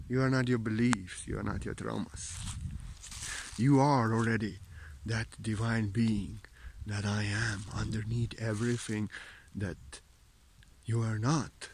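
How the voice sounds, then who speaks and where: A man's voice: lowish voice, takes it slowly, long pauses, slight background noise. A man giving a heartfelt spiritual talk as a teacher, repeating his points emphatically and now and then swearing bluntly. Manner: impassioned, repetitive and emphatic.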